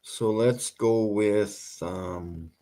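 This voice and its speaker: A man's voice: fairly low pitch, extremely slow, mellow. A man hosting a casual livestream, rambling and joking, laughing at his own points. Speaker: livestream host.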